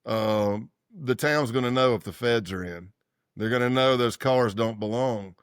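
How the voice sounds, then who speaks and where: A man's voice: mid-range voice, a little slow, clean tone, no echo, clean studio sound. A man in his fifties, a former undercover agent, telling stories casually in an interview and acting out dialogue in different voices. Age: 50s. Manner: acts out quoted dialogue in lively voices; loose, rambling, self-correcting speech.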